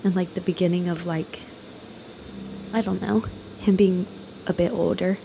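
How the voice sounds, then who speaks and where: A woman's voice: lowish voice, fairly even intonation, normal speed, gravelly, mellow, slight background noise, low-quality recording. A young woman co-hosting a casual podcast, tearful, reflective and hesitant with many fillers. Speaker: podcast co-host.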